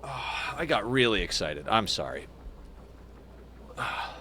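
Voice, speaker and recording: Low-voiced man thinking aloud over gameplay. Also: very animated, takes it slowly, background noise. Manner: chatty, thinks aloud and coos softly to a pet. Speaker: game streamer. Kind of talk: casual let's play commentary.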